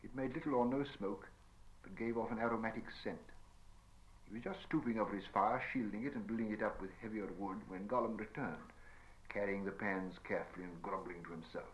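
A man's voice: on the low side, a little hiss or hum, low-quality recording. Man narrating a fantasy audiobook. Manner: measured storytelling delivery. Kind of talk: scripted narration.

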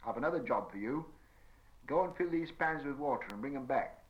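A man voicing a stubborn, practical hobbit who talks gruffly and bluntly, on a dull recording. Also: mid-range voice, lively intonation, fairly quick, pitched above the performer's own voice, lightly acted. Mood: bossy. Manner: gruff, blunt, homely speech.

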